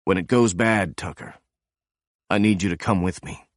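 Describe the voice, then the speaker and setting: A man's voice: low-pitched, normal speed, no echo, clean studio sound, natural voice. A man playing a stubborn, weary ex-agent. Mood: brooding.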